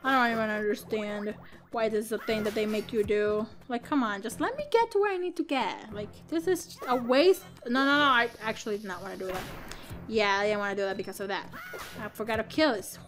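A woman's voice: a little high, fairly quick, a bit bright, soft background music. A woman hosting a game let's-play, chatting in a jokey, self-mocking way. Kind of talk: casual game commentary.

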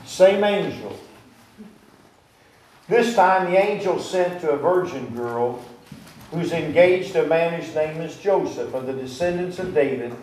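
A man's voice: on the high side, lively intonation, measured pace, darkish tone, distant mic, slight background noise. A male pastor delivering a sermon to his congregation, asking them questions and retelling scripture in plain, folksy words. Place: church sanctuary. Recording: echoey church recording from afar.

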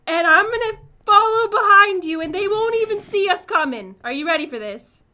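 Very high, giggly young-sounding woman. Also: animated, moderate pace, bright, forceful tone. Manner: giggly, eager, bossy planner. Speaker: gamer co-host. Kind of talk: casual gameplay commentary.

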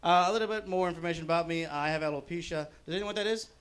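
A man's voice: a little high, very fast, fairly bright tone. Male stand-up comic with a chatty, filler-heavy delivery, on a stage mic. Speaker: stand-up comedian. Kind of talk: stand-up comedy set. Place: comedy showcase at a bowling alley.

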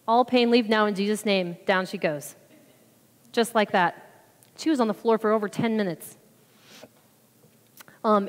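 A woman telling an animated personal testimony about a church mission trip, acting out her own reactions. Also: mid-range voice. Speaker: church member giving a mission trip report. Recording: reverberant hall.

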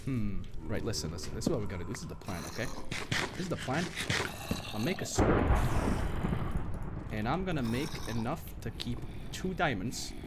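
A man's voice: medium pitch, normal speed, long pauses. Young guy streaming a game, voice jumps all over, cursing, noisy mic hiss behind. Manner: excitable, swears, repeats himself when panicked. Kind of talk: live gameplay commentary.

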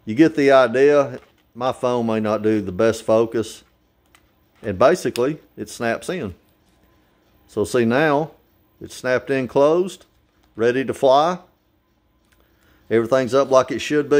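A man's voice: mid-range voice, a little mellow. An older man giving a casual, folksy how-to demonstration at home, plain-spoken and walking through each step. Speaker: hobbyist demonstrating a model plane.

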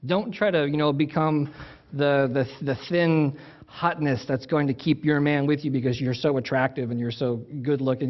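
A man delivers a sermon in a relaxed, conversational teaching manner. His voice sits a little high for a man, and he often circles back to restart a phrase. The recording sounds dull and muffled. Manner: conversational preaching with restarts and asides. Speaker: pastor.

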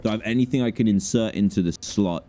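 A man's voice: fairly low pitch, quick pace. A man, casually commentating a video game and joking as he plays. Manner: jokey, reacting aloud, bursts into panicked yelling. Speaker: gaming YouTuber. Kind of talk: casual let's play commentary.

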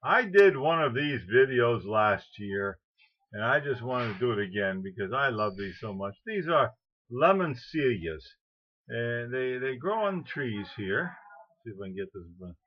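A man's voice: mid-range voice, very animated, a little slow. A man talking and crooning made-up little songs in a casual home video, taking his time over every phrase. The sound is dull and lo-fi, like a cheap home camera. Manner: improvised sing-song crooning between plain chat. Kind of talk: casual self-recorded video messages with ad-lib songs.

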